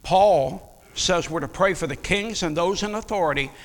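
A male pastor delivering a sermon in an animated, conversational way, asking the congregation questions. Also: high-pitched, normal speed. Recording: long reverb of a large hall.

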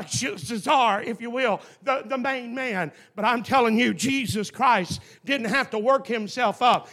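Man, preacher, very high voice, gravelly, quiet talk rising to shouts. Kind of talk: fiery revival sermon.

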